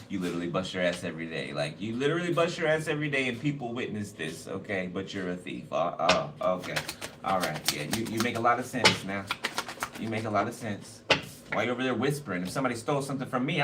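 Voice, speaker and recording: A man doing a casual tarot card reading, blunt and profane and repeating himself a lot. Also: medium pitch. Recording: noisy, distant mic.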